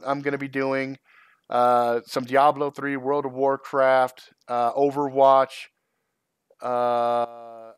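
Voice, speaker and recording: A man's voice: medium pitch, smooth, dry recording, studio quality. Rambling, profane middle-aged man. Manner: rambling, profane, laughs often. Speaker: channel host. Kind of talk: casual live-stream chat.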